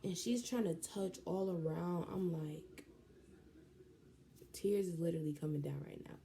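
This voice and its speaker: A young woman, telling a story in a casual vlog, animated and slangy. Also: on the low side, measured pace, vocal fry, long pauses, slight background noise. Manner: animated, slangy, jumps into quoted voices. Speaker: vlogger.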